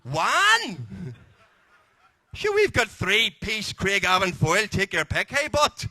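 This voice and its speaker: A man's voice: high-pitched, huge pitch swings, slow pace, sharp tone, no room sound, full character voice. A man voicing an indignant, boastful middle-aged local man.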